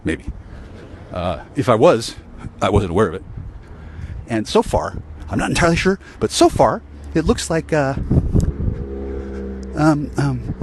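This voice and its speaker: A man's voice: medium pitch, expressive, a little slow, pauses often, slight background noise. A man ranting in an angry, profane monologue to camera, rambling with stammered restarts and sighs, recorded outdoors on a city street. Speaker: vlogger.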